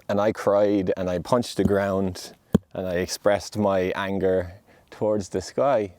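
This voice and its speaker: A man giving a heartfelt, motivational monologue outdoors on a mountainside. He speaks in an earnest, gentle and reassuring way. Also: low-pitched, fairly even intonation, a little slow, no room sound. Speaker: podcast host.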